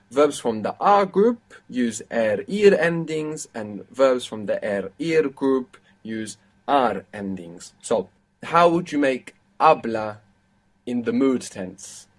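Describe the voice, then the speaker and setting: A man gives a live online language lesson in a patient, explanatory way. He speaks at an ordinary, mid-range pitch and keeps stopping to quiz his students with short questions. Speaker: language teacher.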